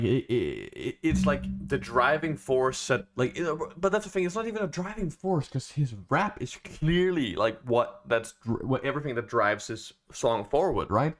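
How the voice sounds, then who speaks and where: A man giving casual, rambling reaction commentary on an album, pausing often and restarting his sentences. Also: mid-range voice, a bit bright. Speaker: music reaction YouTuber.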